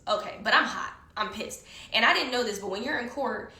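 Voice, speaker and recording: A woman telling a story in casual conversation, animated and heated, swearing often, recorded in an echoey room. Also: fairly high pitch, brisk, over a noisy crowd. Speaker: guest storyteller.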